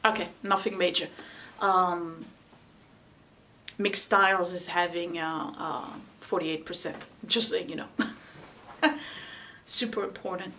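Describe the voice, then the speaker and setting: Talking casually to camera at home, a middle-aged woman with a mid-range, fairly bright voice rambles about holiday decorating and laughs often.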